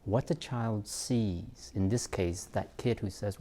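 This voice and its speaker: A therapist speaks slowly to a group of parents, his voice low and soft rather than bright. He is reflective and self-deprecating, pausing with fillers and laughing at himself as he goes. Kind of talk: informal talk to parents.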